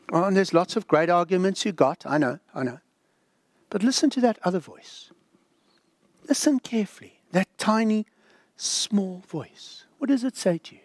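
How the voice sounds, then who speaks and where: Older male pastor, sermon delivery: lively high voice, slow and deliberate, dry sound. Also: no echo. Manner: dramatic, drops to a whisper for the inner voice.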